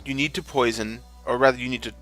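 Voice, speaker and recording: Talking fast with fairly even intonation, this gamer and channel host has a mid-range, slightly bright voice, with faint music in the background. His let's-play narration is casual, jokey and rambling, full of mid-sentence self-corrections.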